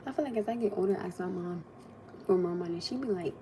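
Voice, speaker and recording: A young woman hosting a livestream, telling family stories in a casual, animated way and acting out what people said, with frequent laughs and pauses to eat. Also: on the low side, slight background noise. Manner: animated, acts out quotes, laughs often, eats while talking. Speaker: livestream host.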